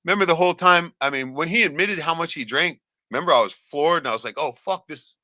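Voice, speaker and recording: A man's voice: on the high side, quick pace, sharp tone, no echo. A man telling stories in casual chat, bluntly and with constant swearing. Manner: swears constantly, blunt storytelling with lots of "right?".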